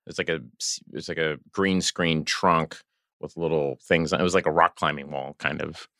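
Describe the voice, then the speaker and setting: A man guest on a podcast telling animated stories about filming, acting out the people he quotes. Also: extremely low pitch, moderate pace, vocal fry, no room sound, studio quality. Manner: animated, acts out quoted voices. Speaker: guest actor and director. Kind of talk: casual storytelling chat.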